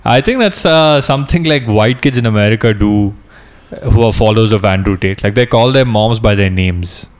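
A man's voice: on the low side, normal speed, few pauses. Thirtysomething guy from india, chill podcast chat, kinda wry and thoughtful, swears a bit. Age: 30s. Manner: reflective, wry, swears casually. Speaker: podcast co-host. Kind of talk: casual chat.

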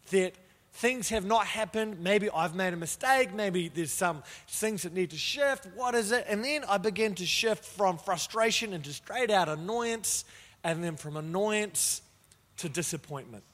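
A man's voice: high voice, fairly bright tone. A man preaching a sermon as pastor, telling stories with humorous, self-deprecating asides. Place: church. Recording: long reverb of a church hall.

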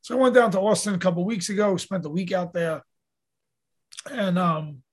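A man with a notably high and husky voice tells stories in a loose, conversational way. He talks earnestly, drops the occasional swear word and sounds relaxed as a podcast guest. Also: normal speed. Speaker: podcast guest, fitness coach. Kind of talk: casual conversational storytelling.

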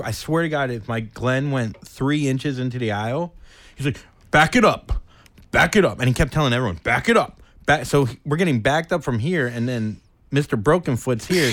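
A young man co-hosting a casual chat, telling a profane, animated story. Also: mid-range voice, a little fast, no echo. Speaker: podcast co-host.

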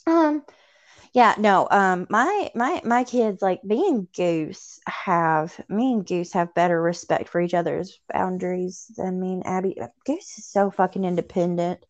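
A woman's voice: on the low side, a little slow. Southern woman, rambling casual chat. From Tennessee, USA. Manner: rambling, profane, self-deprecating. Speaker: podcast co-host. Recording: dull lo-fi sound.

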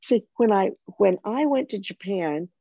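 An older woman telling a personal faith story in conversation, animated and self-mocking, with frequent restarts. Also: medium pitch, unhurried, husky, no room sound, muffled recording. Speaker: guest sharing her testimony.

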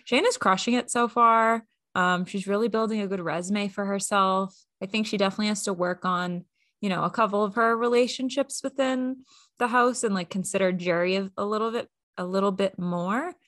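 A woman's voice: mid-range voice, fairly even intonation, fairly quick, a bit bright, no echo, clean studio sound. A woman hosting a podcast, chatting casually and upbeat with lots of fillers. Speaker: podcast host. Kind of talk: casual recap chat.

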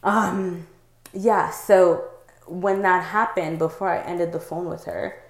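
A woman with a notably low voice tells a personal story, circling back through her sentences with plenty of "like" and "um." She checks in with a steady "right?" as she goes. Her voice bounces around a hard, echoey room. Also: takes it slowly. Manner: rambling, heavy use of "like" and "um", frequent "right?". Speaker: podcast host.

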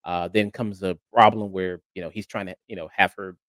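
A man's voice: low-pitched, steady tone, brisk, fairly bright tone, no echo. A man hosting a casual review chat, talking in a rambling way with lots of hesitant fillers. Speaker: podcast host.

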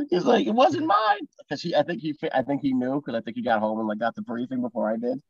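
A man's voice: medium pitch, fast, a little mellow, breathy edge, dry recording, highs cut off. A young man on a podcast telling an embarrassing story in a rambling, laughing way, over a call. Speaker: podcast co-host. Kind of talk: casual storytelling chat.

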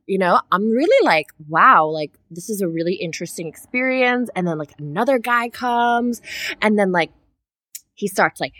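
A woman co-hosting a podcast, telling a story in casual chat, animated, swearing freely and acting out her own reactions. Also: mid-range voice, no echo, studio quality. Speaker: podcast co-host.

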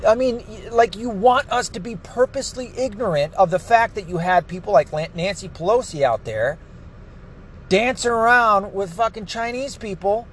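A man's voice: sits high, moderate pace, fairly bright tone, a little hiss or hum. A man ranting angrily about politics, swearing constantly. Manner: angry, profane, ranting. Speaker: political commentator. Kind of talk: profane political rant.

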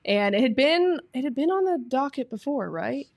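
A woman's voice: high voice, expressive, creaky, no room sound. Playful woman director, dry studio sound. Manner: playful and quick to laugh. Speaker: theater director. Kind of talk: casual guest interview. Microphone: shared studio microphone.

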